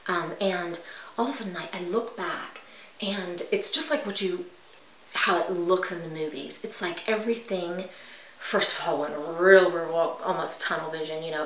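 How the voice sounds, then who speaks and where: Woman telling a dramatic story, bright voice. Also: fairly low pitch, reverberant, low-quality recording. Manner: animated, dramatic retelling with hushed asides. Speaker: vlogger telling a personal story. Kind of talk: casual storytime.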